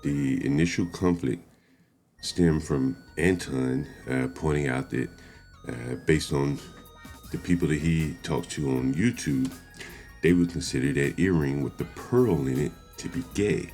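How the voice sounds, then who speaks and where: A man hosting commentary on a clip, speaking in a measured, analytical way and chuckling between points. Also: very deep voice, a little mellow, soft background music. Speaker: commentary host.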